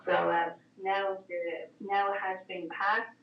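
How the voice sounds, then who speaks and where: A woman's voice: mid-range voice, little pitch movement, slow pace, creaky, echoey room, slight background noise. Irish woman on a distant, dull line. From Ireland. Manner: rambling storyteller, many fillers. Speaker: guest. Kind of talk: casual chat on a call-in show.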